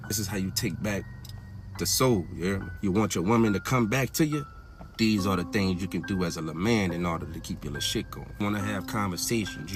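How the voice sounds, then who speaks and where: A low-pitched man lectures in a slangy, preachy monologue, checking in with his listeners over and over. He drops to a mutter, then climbs into loud, high bursts. Clear music plays behind him. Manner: slangy, repeats "you heard me?". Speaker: spiritual talk host.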